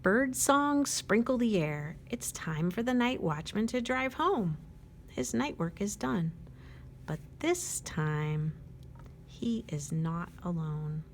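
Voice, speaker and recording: A woman at a library storytime, reading a picture book aloud to children, gently asking them questions and dropping to a whisper at quiet moments. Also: mid-range voice, lively intonation, a little hiss or hum. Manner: slow and gentle, pausing to ask young listeners questions.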